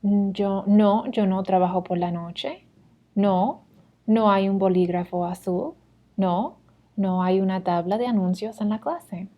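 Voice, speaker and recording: A woman's voice: mid-range voice, a little slow, highs cut off. A woman teaching a Spanish lesson. She explains patiently in English, models Spanish phrases, and corrects herself as she goes. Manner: self-correcting, conversational. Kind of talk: recorded lesson lecture.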